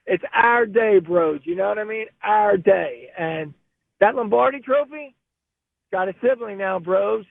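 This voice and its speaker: A man's voice: sits high, a little slow, vocal fry, dry recording. An emotional man, calling in to a sports radio show, peppering his talk with "bro". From Philadelphia area. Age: 50s. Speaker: caller. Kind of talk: excited call-in chat. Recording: phone line.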